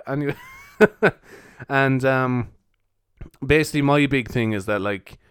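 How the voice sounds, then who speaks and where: A man's voice: mid-range voice, takes it slowly, fairly bright tone, clean tone, no room sound, clean studio sound. A young man from Cork with a Cork Irish accent, hosting a solo podcast in a jokey, rambling way and swearing casually. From Cork, Ireland. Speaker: podcast host.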